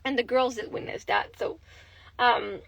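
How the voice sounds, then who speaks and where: A woman's voice: a little high, fairly even intonation, a little slow, gravelly, a bit bright, no echo, poor audio. A young adult woman with a Québécois French accent, chatting candidly on a phone livestream, rambling and swearing freely. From Quebec, Canada. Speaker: livestreaming mother. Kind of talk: casual livestream chat.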